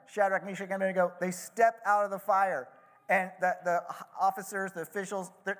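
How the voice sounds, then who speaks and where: A pastor giving a sermon, retelling a story casually with frequent asides. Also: male voice, high voice, fairly even intonation, a little fast, a bit bright.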